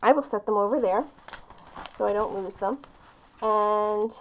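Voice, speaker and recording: A woman's voice: mid-range voice, unhurried, long pauses, phone-quality sound. A woman live-streaming as she opens gifts, chatting casually and gushing with delight. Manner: bubbly and gushing, often breaking into squeals and laughs.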